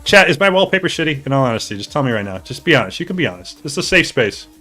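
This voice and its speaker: A man hosting a live stream, chatting casually and excitably with his viewers, joking and swearing as he goes. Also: mid-range voice, very fast, faint music behind. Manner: excitable, jokey, talks to chat, swears. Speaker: streamer hosting a hockey league draft.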